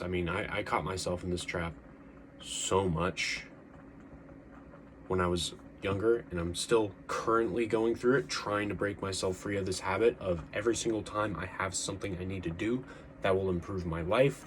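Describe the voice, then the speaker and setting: A young vlogger with a low-pitched voice talks earnestly to camera in a casual, rambling monologue full of restarts and fillers. There's a little hiss or hum in the recording.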